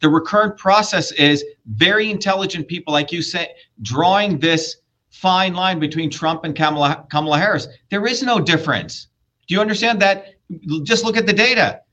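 Blunt, bright-voiced man lecturing hard. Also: high-pitched, normal speed. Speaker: political candidate. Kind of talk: heated political debate.

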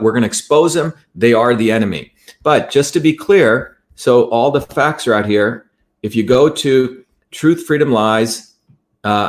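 A man presenting to an online audience in a heated talk, emphatic and accusatory, often restarting his sentences. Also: mid-range voice.

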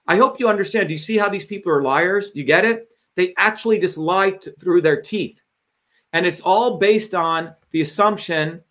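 A man with a fairly high voice, ranting hard on his own live show. He swears freely and sounds combative, and he keeps turning to his viewers to press each point home. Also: fairly bright tone. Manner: emphatic, addresses viewers directly. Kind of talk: live political monologue.

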